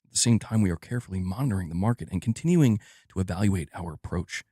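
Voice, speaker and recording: A man putting on a formal corporate executive, speaking in a slow, careful, hushed manner. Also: low voice, lively intonation, dry recording, clean studio sound, voice pushed down. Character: middle-aged male corporate executive, measured and formal.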